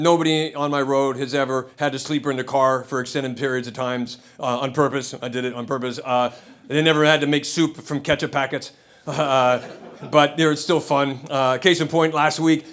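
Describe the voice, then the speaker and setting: A man's voice: on the high side, steady tone, brisk, fairly bright tone. An American man telling a profane stand-up story, acting out both sides of the dialogue on a comedy club stage. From United States. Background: audience laughter.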